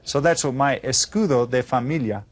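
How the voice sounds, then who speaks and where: A man teaching a children's language lesson, modeling phrases slowly and clearly for the class to repeat. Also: mid-range voice. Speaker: Spanish teacher.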